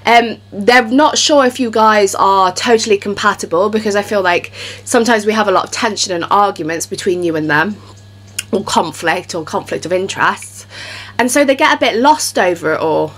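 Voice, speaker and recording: A woman's voice: mid-range voice, moderate pace, fairly bright tone. A woman giving a casual tarot reading to camera, chatty and reassuring, often checking in with "okay?". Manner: chatty, reassuring, repeats "okay?" and "you know". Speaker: tarot reader.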